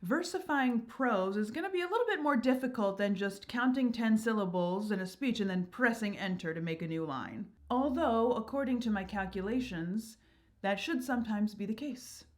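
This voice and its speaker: A woman's voice: on the high side, animated, moderate pace. A woman hosting her own channel, explaining verse and meter in an upbeat, enthusiastic, teacherly way. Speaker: channel host.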